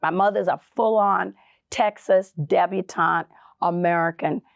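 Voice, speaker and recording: A woman from Jamaica, co-hosting a casual chat, telling animated stories and acting out quotes. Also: fairly low pitch, a little slow, vocal fry, no room sound, dull audio. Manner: animated, storytelling, acts out quotes. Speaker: podcast co-host.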